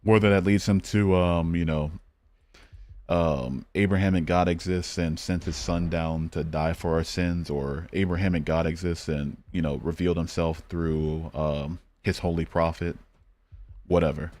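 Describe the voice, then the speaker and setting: A man from Michigan in the United States hosts a casual live stream while playing a geography game, speaking bluntly and profanely and thinking aloud with many fillers. His voice is low and darkish, with fairly even intonation and a measured pace.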